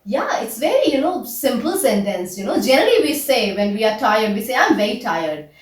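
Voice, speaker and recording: A woman's voice: fairly high pitch, big pitch swings, a little fast, distant mic. A woman teaching English in a chatty way, often saying "you know" in a scripted lesson dialogue. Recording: echoey room, away from the mic.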